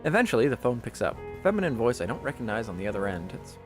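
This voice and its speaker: A man reading a visual novel aloud as its narrator, expressive and chatty, breaking off into jokey asides. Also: medium pitch, rapid-fire, music in the background. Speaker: visual novel reader, channel host.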